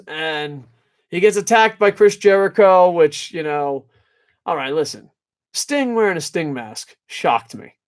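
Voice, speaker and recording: A man reviewing a wrestling event in a blunt, profane rant, dropping into mutters and then rising to shouts. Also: high voice. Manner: profane, blunt and opinionated, swings from mumbling to shouting. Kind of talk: ranting video review.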